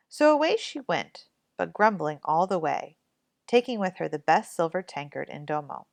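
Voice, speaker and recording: A woman reading a fairy tale aloud in an expressive storybook manner. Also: fairly low pitch, normal speed, creaky, dry recording.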